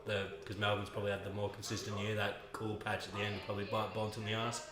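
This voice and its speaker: A man co-hosting a casual livestream with quick, joking banter. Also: on the low side, little pitch movement, roomy sound, a crowd in the background. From Australia. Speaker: co-host of livestream.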